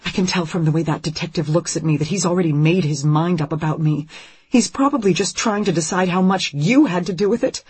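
A woman's voice: fairly quick, darkish tone, breathy edge, dry recording. A woman reading an audiobook, voicing a frantic young mother whose voice climbs toward hysteria. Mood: panicked. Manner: rising to near-hysterical pitch.

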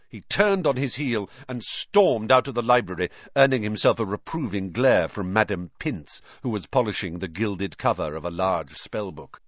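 A male narrator reads a storybook with a lively, widely varied pitch. The recording is dry and slightly dull, with no room sound. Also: normal speed, few pauses, no room sound. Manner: expressive, animated delivery. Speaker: audiobook narrator. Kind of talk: storybook reading. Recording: dry, slightly muffled audio.

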